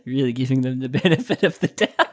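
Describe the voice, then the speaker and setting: A man co-hosting an anime podcast in casual chat, relaxed and easily amused, trailing off with ums and likes. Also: mid-range voice, fast. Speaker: podcast co-host.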